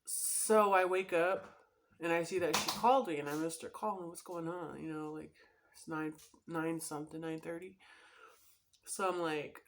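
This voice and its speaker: A woman's voice: sits low, steady tone, moderate pace, slight background noise. A woman vlogger telling a personal story to camera in a rambling way, full of "like" and "you know".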